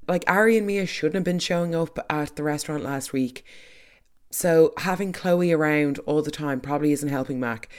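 Chatty podcast host, opinionated and full of quick asides. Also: medium pitch, clear, resonant tone. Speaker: soap recap podcast host. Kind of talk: casual chat.

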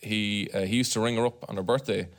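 An Irish man, a comedian on a panel show, telling halting, chatty anecdotes. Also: fairly low pitch, fairly even intonation. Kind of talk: comic anecdote.

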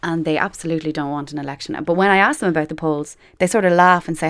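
A woman's voice: low-pitched, steady tone, fairly bright tone. A woman journalist chatting wryly on a radio panel about politics. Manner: brisk, chatty, wry.

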